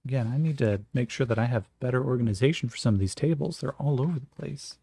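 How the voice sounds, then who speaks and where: A man's voice: mid-range voice, fast, vocal fry, mellow, slightly rough. A man narrating and rolling dice for his own solo tabletop game in a casual, thinking-aloud way.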